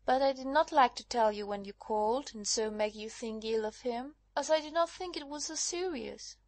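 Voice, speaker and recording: A woman voices a frightened young wife, out of breath and pleading for help in an audiobook drama. Her voice sits high and bright, and the recording is close and dry with no room sound. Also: moderate pace, no room sound. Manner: breathless, urgent.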